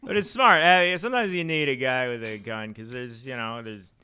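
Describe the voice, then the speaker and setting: A man doing a stand-up set at an open mic in a small comedy club, telling dark jokes deadpan with halting fillers. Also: medium pitch, a little hiss or hum.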